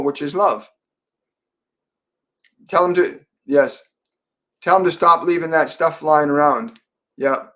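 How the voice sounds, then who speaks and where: A man hosting a live-stream Q&A as a psychic medium, talking softly and meanderingly with many fillers and restarts. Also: a little high. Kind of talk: live-stream Q&A, relaying spirit messages.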